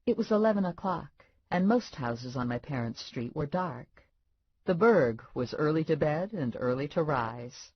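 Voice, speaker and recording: A woman reading a first-person audiobook with wry, deadpan asides and a pitch that moves around a lot. Her voice is a touch husky, and the recording is dry and dull, lacking crispness. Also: unhurried, no echo. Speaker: audiobook narrator. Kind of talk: first-person scripted narration.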